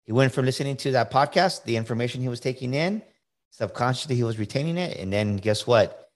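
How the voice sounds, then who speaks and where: A man's voice: medium pitch, quick pace. Emphatic middle-aged man coaching on a podcast. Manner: emphatic, repeats words, frequent "right?". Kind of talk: casual motivational talk.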